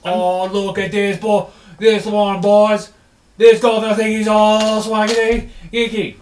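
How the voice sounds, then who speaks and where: A man playing a gang of rowdy barbarian raiders with a loud, jeering put-on British accent. The voice sits high and blaring, heard from some distance off the mic in an echoey room with faint hiss behind it. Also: monotone, a little slow. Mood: mocking. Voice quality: loud jeering cockney-style slang. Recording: roomy far-off mic.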